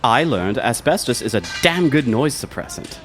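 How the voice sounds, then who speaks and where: A man's voice: mid-range voice, lively intonation, normal speed, fairly bright tone, soft background music, lightly acted. An actor playing a coldly smug, scheming male foreman who is also a doctor, speaking in a silky, condescending, menacing way. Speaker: villain.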